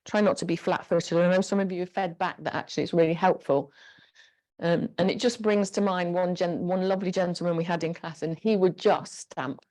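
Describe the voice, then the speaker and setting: A woman's voice: lowish voice, steady tone, a little fast, a little mellow. A woman instructor leading a live online exercise class, cueing moves in a chatty, encouraging way on a clip-on mic. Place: home room with a squeaky floor. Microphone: clip-on mic pack.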